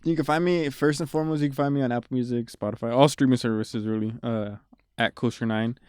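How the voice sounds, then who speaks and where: Laid-back young man, smooth dry voice. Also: medium pitch, steady tone, quick pace, a little mellow, no echo. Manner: laid-back storyteller, laughs and swears often. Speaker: musician guest. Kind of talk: casual interview chat.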